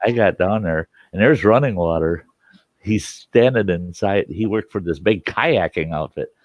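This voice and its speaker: An older man, the host, telling a story in a folksy, chuckling way with rough country grammar, on a dull, dry lo-fi recording. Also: low-pitched, unhurried, no room sound. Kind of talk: casual spoken storytelling.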